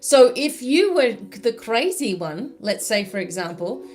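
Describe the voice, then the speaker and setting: A woman's voice: a little high, sing-song, a little slow, a little mellow. An Australian woman speaking as a spiritual mentor in a live-stream monologue, chatty and full of "you know" and "right?".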